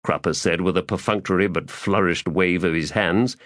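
A man narrates a fantasy story in a low, measured voice. The recording is close and dry, with no room sound. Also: fairly even intonation, fairly bright tone, dry recording. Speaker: audiobook narrator. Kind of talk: scripted narration.

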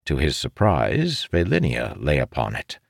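Deep gravelly guy reading a fantasy story, slow, lively pitch, dry sound. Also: no room sound. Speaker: audiobook narrator. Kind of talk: scripted narration.

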